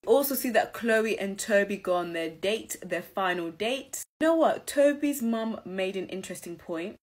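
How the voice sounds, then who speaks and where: A young woman giving casual, gushing commentary on a reality TV show and talking straight to her viewers. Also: on the high side. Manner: gushing, chatty, addresses viewers directly.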